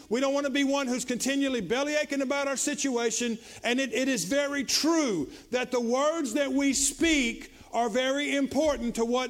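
A male pastor, preaching a sermon with frequent repetitions and stretches that build into shouting. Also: very high voice.

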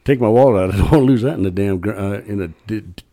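A man's voice: fairly low pitch, very fast, warm tone. An older man, a podcast guest, telling casual stories in a folksy, profane way and laughing through them. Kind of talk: casual storytelling.

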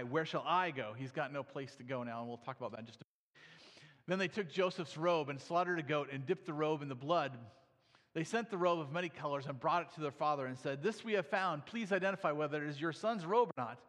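Male preacher, fairly high voice, reads scripture then explains it in a loose, talky way; long reverb of a hall. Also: fast talker, a bit bright. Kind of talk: sermon with scripture reading.

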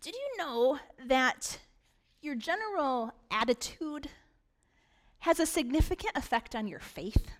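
A woman pastor delivering a sermon in church, animated, with emphatic repetition. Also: sits high.

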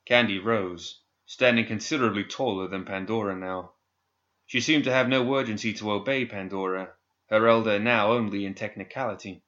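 Low, bright male voice, measured narration, dull lo-fi recording. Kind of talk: scripted audiobook narration.

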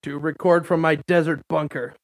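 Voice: medium pitch, flat delivery, poor audio. Laughing podcast co-host. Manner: laughs along, quick one-liners. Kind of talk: casual comedic chat.

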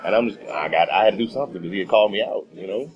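A middle-aged man from Texas telling a story as a radio guest, animated and laughing often. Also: fairly low pitch, very fast, highs cut off. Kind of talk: casual storytelling.

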